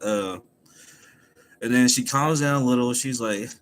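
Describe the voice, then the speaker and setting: A man streaming a casual chapter recap from home, animated and laughing often as he acts out the characters. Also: mid-range voice, unhurried, a little hiss or hum. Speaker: anime chapter reviewer, streamer. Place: home room.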